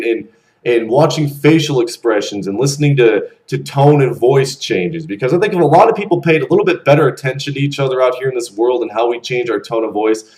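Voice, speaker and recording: Animated young man ranting. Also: mid-range voice, poor audio. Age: young adult. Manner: animated and blunt, swears freely. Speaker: vlogger. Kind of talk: casual rant to camera.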